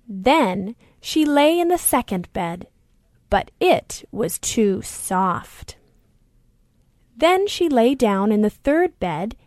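A woman reading a children's story aloud, slowly and deliberately. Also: on the high side, no room sound, clean studio sound.

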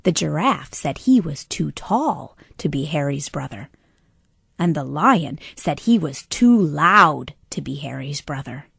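A woman reading a children's bedtime story aloud, narrating slowly and often in a soft half-whisper. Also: deep voice, animated, gravelly, breathy edge.

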